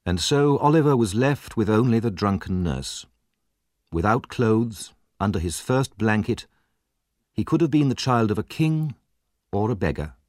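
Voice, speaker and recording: Male storybook narrator, low, animated, dry recording. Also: no echo. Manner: expressive, measured reading.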